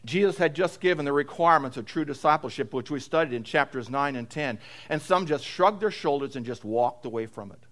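Emphatic preacher, slightly high voice. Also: male voice, animated, brisk, hardly any pauses. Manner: swings from loud emphatic to low and quiet; repeats phrases for emphasis. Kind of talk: expository sermon.

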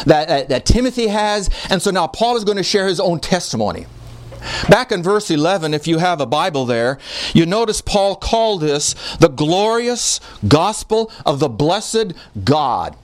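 A male pastor preaches with a high, bright-sounding register that leaps up and down expressively. He presses his points with emphatic repetitions, as in a verse-by-verse sermon. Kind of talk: expository sermon.

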